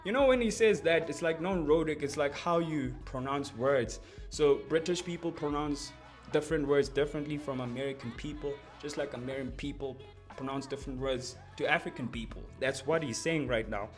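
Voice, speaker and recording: A young man explaining rap lyrics in a casual, slangy, excitable way, breaking off from quoted lines to unpack them. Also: a little high, a little fast, faint music behind. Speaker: music commentator.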